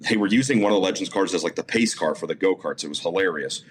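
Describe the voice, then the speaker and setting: Low-voiced man telling a racing story. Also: quick pace, a little hiss or hum. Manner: animated storyteller, many fillers and self-repeats. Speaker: guest, motorsport announcer. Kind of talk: casual storytelling interview.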